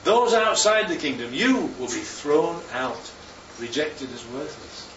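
A man's voice: on the high side, animated, a little slow, a bit bright, a little hiss or hum. A man from northern England preaching a sermon in a chatty, joking way, often asking the congregation questions. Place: church hall. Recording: echoey church room, distant mic, dull sound.

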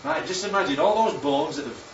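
A man's voice: fairly high pitch, a little fast, slight background noise. Man preaching in an echoey hall. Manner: lively, peppers talk with "Right?" and "Yeah?". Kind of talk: sermon. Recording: echoey, distant, dull sound with faint ambience.

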